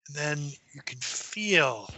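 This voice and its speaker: A man running a tabletop horror game as game master, narrating with halting fillers and dropping to a whisper for eerie moments. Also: on the high side, sharp tone, no echo, highs cut off. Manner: halting, many fillers, drops to a whisper for spooky parts.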